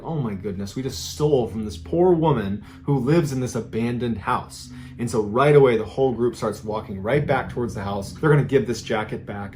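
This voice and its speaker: A man in his thirties narrating a true horror story in a measured, suspenseful way, acting out the people's lines in his own voice. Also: medium pitch, a little mellow. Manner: measured, suspenseful delivery with quoted dialogue.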